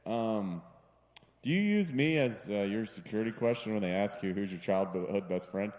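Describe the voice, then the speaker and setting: A man's voice: lowish voice, lively intonation, moderate pace, a little mellow. A man doing a self-deprecating, rambling stand-up set on a bar stage, putting on voices for his jokes. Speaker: stand-up comedian. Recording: live room with long reverb.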